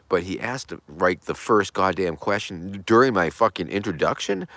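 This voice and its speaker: A middle-aged man with a low, deep voice hosts a casual livestream. He meanders from thought to thought, swears freely and lets his phrases drop away to near-mutters. The sound is dry and close to the mic. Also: expressive, a little fast, no echo. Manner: profane, meandering, trailing off softly. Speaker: livestream host. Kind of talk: rambling casual livestream chat.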